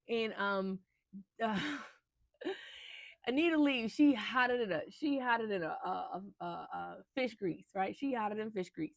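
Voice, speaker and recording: A woman's voice: mid-range voice, a little slow, gravelly, no room sound. A woman vlogger recapping a soap opera in casual chat, acting out each character's lines with slangy asides. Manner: lively storyteller, slips into character voices. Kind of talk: animated casual recap with acted-out dialogue.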